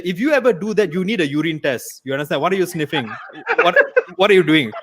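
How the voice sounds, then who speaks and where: Man, stand-up comic, high pitch, deadpan ranting. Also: quick pace. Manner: deadpan rants with mock-angry asides. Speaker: stand-up comedian. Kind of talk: stand-up set.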